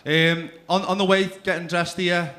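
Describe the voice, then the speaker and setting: A man's voice: sits high, little pitch movement, normal speed, bright, forceful tone. A man doing a stand-up comedy routine, telling crude stories and throwing asides to the crowd. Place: comedy club stage.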